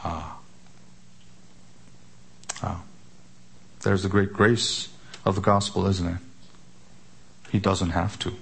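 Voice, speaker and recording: Preacher, male, lowish voice, emphatic expository delivery with rhetorical questions. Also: little pitch movement, creaky, a bit bright, slightly rough. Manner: emphatic, rhetorical questions, slows for key words. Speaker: pastor. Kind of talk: expository sermon.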